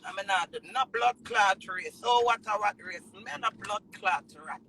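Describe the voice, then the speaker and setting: A woman with a Jamaican accent in a heated rant, swearing loudly and swinging between shouting and low, tearful muttering. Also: normal speed, slight background noise, low-quality recording.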